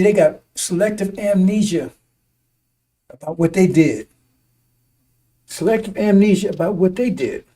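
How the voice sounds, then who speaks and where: A man with a high voice preaches to his congregation in a loose, rambling commentary. He stumbles and repeats words, chuckles between points and keeps checking in with "see?", sometimes rising to emphatic declarations. His voice sits some distance from the microphone. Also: dark tone. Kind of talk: rambling sermon-style commentary.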